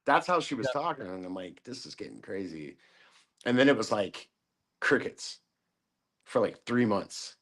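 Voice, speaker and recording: A man's voice: fairly low pitch, animated, normal speed, long pauses, fairly bright tone. A middle-aged man, a podcast guest, telling a story in casual, profane chat and acting out the voices of the people in it.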